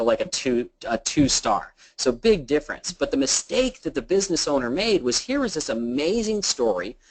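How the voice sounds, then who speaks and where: A man telling an anecdote with lively quoted voices, then giving business advice. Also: mid-range voice, poor audio. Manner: animated storyteller acting out quotes. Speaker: business speaker. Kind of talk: storytelling business talk.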